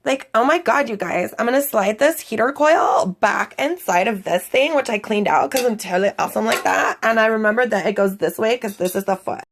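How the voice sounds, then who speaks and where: A woman's voice: a little high, a little fast, hardly any pauses. Woman putting on a bubbly Valley Girl. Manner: peppy, sprinkled with like and totally.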